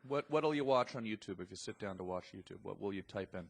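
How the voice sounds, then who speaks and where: A man's voice: lowish voice, animated, quick pace, gravelly. A man hosting a podcast, chatting casually and asking his guest leading questions. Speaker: podcast host. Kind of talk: casual conversation.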